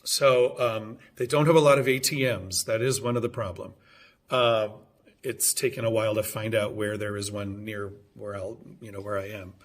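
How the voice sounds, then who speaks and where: A man's voice: on the low side, flat delivery, moderate pace. A man in his fifties telling a rambling, casual story on his vlog, full of hesitations, fillers and restarts. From United States. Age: 50s. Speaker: vlogger.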